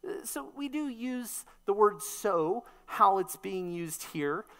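A woman's voice: medium pitch, animated, takes it slowly. A woman preacher delivering a sermon, teaching emphatically and posing rhetorical questions.

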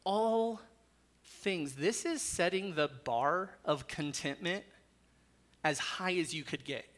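A man's voice: fairly high pitch, slow, a bit bright. A male pastor preaching a sermon, earnest, with dry jokes slipped in.

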